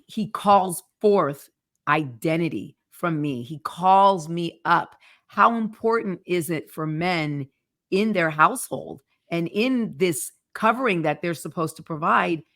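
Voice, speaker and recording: A woman's voice: on the low side, slow, a bit bright. A woman hosting a Christian interview, speaking earnestly and from the heart. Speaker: ministry host. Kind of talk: interview conversation.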